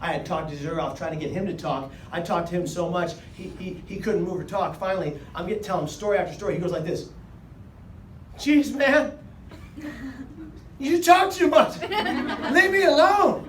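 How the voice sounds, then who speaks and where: A man telling a comic personal story to a live audience, acting out other people's voices and shouting some lines. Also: fairly high pitch, fairly even intonation, fast talker, few pauses. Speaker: speaker. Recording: echoey hall with noise, mic far off.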